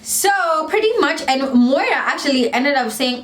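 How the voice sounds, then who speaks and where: Chatty woman with a lively, rambling delivery. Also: high voice, normal speed, roomy sound, slight background noise. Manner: animated, rambling, self-correcting, lots of fillers. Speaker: vlogger reviewing a reality show. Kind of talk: casual chatty commentary.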